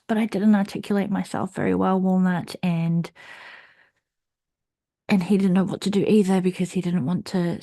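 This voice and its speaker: A young adult woman hosting her own podcast, talking candidly and at length about her week, with restarts and soft laughs. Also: on the low side, dry recording, clean studio sound. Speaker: podcast host. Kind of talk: personal confessional monologue.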